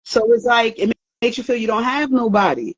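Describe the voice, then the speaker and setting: A woman's voice: fairly high pitch, a little fast, dull audio. Earnest woman giving life advice. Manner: earnest, emphatic, repeats words and restarts. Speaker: therapist host. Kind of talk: casual advice talk.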